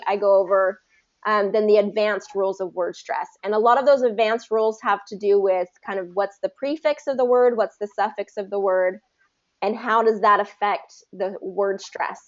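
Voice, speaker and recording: A woman teaching English pronunciation in a live session, patiently explaining and slowly drawing out example words. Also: mid-range voice, muffled recording.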